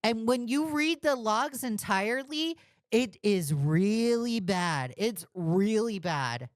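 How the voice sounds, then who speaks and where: Woman, commentator, scornful rant, animated pitch, unhurried delivery. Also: no room sound, clean studio sound. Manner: scathing, ranting, mocking. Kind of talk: reaction commentary.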